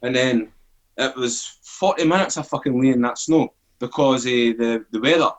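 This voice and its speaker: Speaking at a medium pitch and moderate pace, this podcast guest is a man in his forties from Scotland. He tells a story in casual, animated talk, swearing freely and acting out the quoted dialogue.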